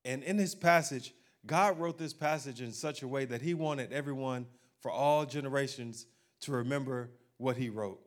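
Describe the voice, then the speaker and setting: A male pastor preaching a sermon to his congregation in an animated, humorous manner. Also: mid-range voice, moderate pace.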